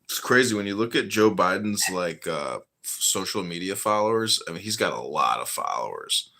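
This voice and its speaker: Lively, bright-voiced man in casual chat. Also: sits low, moderate pace, vocal fry. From United States. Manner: animated, mocking, swings into put-on voices. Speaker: podcast host.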